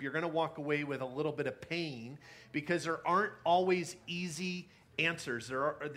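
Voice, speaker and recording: Bright-voiced man preaching a sermon. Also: a little high. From California. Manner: conversational storytelling with many fillers and restarts. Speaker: pastor.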